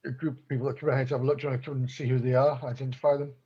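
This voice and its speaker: A man's voice: mid-range voice, flat delivery, very fast, mellow, breathy edge. A man playing a tabletop game, chatting casually and stumbling over repeated words. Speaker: player. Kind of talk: casual chat. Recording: dull lo-fi mic.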